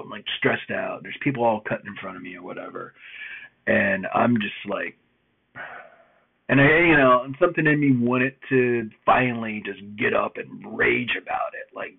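A man rambles through a personal story, cursing freely and circling back with fillers and false starts. His voice sits at an ordinary middle pitch. The sound is narrow and tinny, like a phone line. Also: expressive, normal speed, gravelly, slightly rough. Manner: rambling, profane, lots of fillers and restarts. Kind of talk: casual storytelling monologue.

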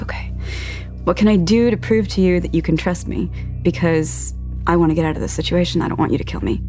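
A woman giving documentary testimony, recounting events earnestly and in a measured way, often acting out quoted speech. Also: fairly low pitch, dark tone. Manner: earnest, measured retelling that voices others' quoted words. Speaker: interviewee telling her own story.

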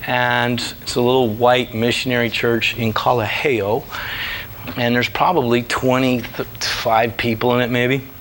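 A man giving a personal testimony in a church room, telling his story with animated storytelling and acting out his own past lines. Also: medium pitch, measured pace, a little hiss or hum.

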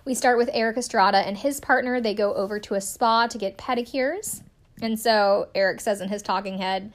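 A woman's voice: mid-range voice, steady tone, brisk. A woman giving a casual spoken recap of a TV show, chatty and indignant, swearing freely between fillers. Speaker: recap commentator.

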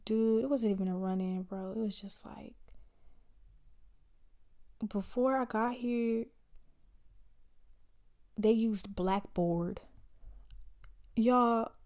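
A young woman in her twenties chats on her podcast in a loose, slangy way and often speaks straight to her listeners. Her voice is mellow and warm, with a relaxed, unhurried feel. She keeps the talk animated even through the asides. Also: on the high side. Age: 20s. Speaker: podcast host. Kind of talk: casual storytelling chat.

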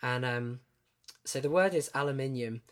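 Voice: medium pitch, normal speed. A speaker from the UK with a British accent, playfully chatting about words on a podcast. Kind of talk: casual chat.

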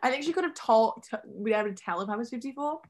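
A teenage Australian girl chatting casually and telling stories in a lively way. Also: fairly high pitch. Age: teens. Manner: chatty storyteller, quick to laugh. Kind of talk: casual chat.

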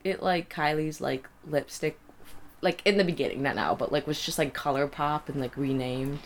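Low-voiced joking woman podcaster. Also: steady tone, moderate pace, slight background noise. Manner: loose, joking, swears casually. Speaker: podcast co-host. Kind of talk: casual chat.

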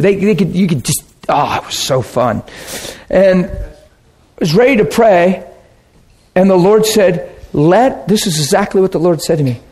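A man preaching and telling a story to a congregation, animated and quick to laugh, with bursts of sound effects. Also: on the high side. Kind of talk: sermon storytelling.

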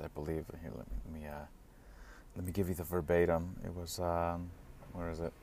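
Low-voiced man rambling in a car. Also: little pitch movement, darkish tone, a little hiss or hum. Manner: rambling, drawn-out fillers, chuckling asides. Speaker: vlogger. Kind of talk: casual rambling monologue. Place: in a parked car.

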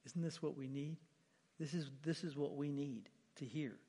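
A man's voice: on the high side, moderate pace, slightly rough. Emphatic male preacher in a reverberant hall. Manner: emphatic, repeats words, swings between loud and quiet. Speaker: pastor. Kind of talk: sermon.

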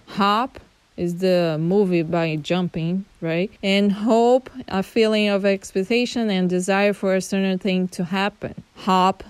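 A young Brazilian woman with a Brazilian accent, hosting a casual teaching podcast, chatty, laughing often and spelling words out slowly. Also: mid-range voice, clean tone, no echo. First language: Portuguese. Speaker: podcast host.

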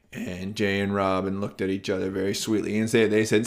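A man with a lowish voice spins a bedtime tale for kids, easygoing and full of little restarts. A soft guitar plays faintly in the background. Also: normal speed, few pauses. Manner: relaxed, rambling with fillers. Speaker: children's podcast host and storyteller. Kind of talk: bedtime storytelling.

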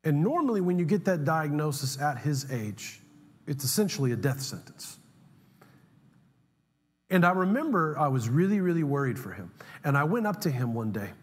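Animated pastor with husky voice. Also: male voice, fairly high pitch, moderate pace. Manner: animated, emphatic, humorous storytelling. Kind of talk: sermon. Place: church sanctuary. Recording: long hall reverb, faint music.

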